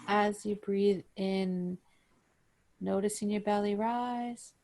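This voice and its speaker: A woman yoga instructor gently guiding breathing exercises over a video call. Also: mid-range voice, fairly even intonation. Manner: slow, gentle, soothing guidance.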